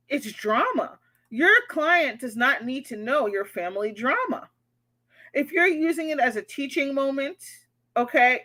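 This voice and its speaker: A woman's voice: high-pitched, bright, forceful tone. A woman therapist on her vlog, bluntly and indignantly picking apart a post and swearing freely. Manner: indignant ranting. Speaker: therapist reacting to a social media post. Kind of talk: reaction vlog commentary.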